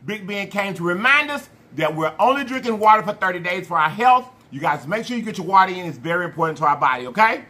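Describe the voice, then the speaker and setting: A man hosting a food challenge vlog, talking to viewers in an animated, playful way with slang and drawn-out hype calls. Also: high voice. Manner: slang-heavy, addresses viewers as y'all. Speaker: mukbang channel host. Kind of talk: casual vlog talk to viewers.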